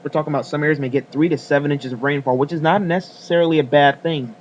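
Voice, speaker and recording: A man's voice: a little high, fairly even intonation, quick pace, muffled recording, slight background noise. A man giving a casual weather forecast video, rambling with fillers and apologies as he works the screen.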